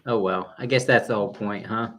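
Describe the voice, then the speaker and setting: A man's voice: on the low side, steady tone, brisk, a bit bright. A man co-hosting a running podcast, teasing and joking in casual chat. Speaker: podcast co-host.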